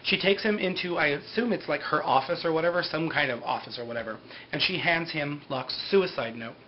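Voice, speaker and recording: A man's voice: fairly high pitch, a little fast. A man casually recapping a TV episode in a loose, rambling way, full of "like" and "you know". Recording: dull lo-fi with faint hiss.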